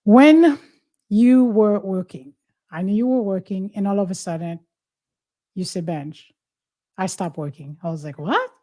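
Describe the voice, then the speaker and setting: A woman's voice: medium pitch, measured pace, pauses often, mellow. A woman host, chatting in an exuberant, teasing, exclamatory way. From Haiti. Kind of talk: casual talk-show chat.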